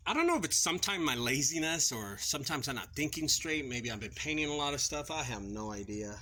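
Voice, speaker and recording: A man's voice: fairly high pitch, very animated, brisk, pushed and bright, poor audio. A middle-aged man who owns a junk removal business, speaking casually to camera outdoors and acting out both sides of a sales conversation. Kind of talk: casual talking-to-camera vlog.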